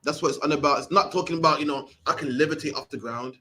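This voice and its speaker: Teaching scripture, this young man speaks quickly in a Birmingham accent, with a slightly high voice for a man and a sharp tone. He sounds streetwise and chatty, tacking "man" onto his phrases, and there's a little background noise.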